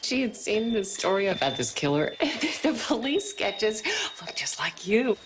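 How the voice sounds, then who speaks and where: A woman's voice: medium pitch, very animated, unhurried, background noise. A worried thriller mother. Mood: uneasy. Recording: film trailer audio under music.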